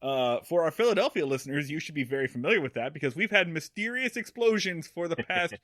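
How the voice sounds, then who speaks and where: A man talks in a higher register with a bright, forceful edge, his pitch leaping around as he chats. He is animated and casual, swearing and laughing through his points as a podcast co-host. The sound is close and dry. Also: fast talker, no echo. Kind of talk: casual chat.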